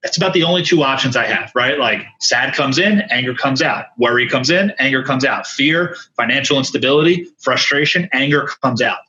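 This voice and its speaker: A man speaking as a podcast guest and coach, telling candid stories in an animated, earnest way with many asides. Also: mid-range voice, fairly quick, hardly any pauses, highs cut off. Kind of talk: candid storytelling in conversation.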